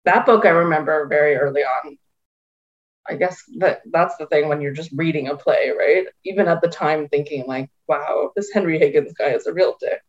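A woman with a lowish voice, chatting about films and plays with dry, wry humor. Her recording sounds dull and lo-fi. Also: normal speed. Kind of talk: casual chat about films.

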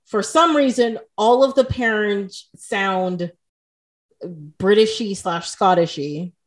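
A woman's voice: medium pitch, slow pace. A woman hosting a casual conversation, talking easily and acting out quoted reactions. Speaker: podcast host. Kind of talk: casual chat.

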